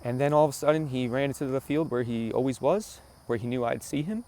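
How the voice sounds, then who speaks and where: A man's voice: medium pitch, quick pace, dark tone. A man with an ordinary mid-range voice shares a personal story on a spiritual talk show. He speaks earnestly and emotionally, often repeating himself for weight and checking in with the listener as he goes. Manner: earnest, repeats phrases, keeps asking "right?".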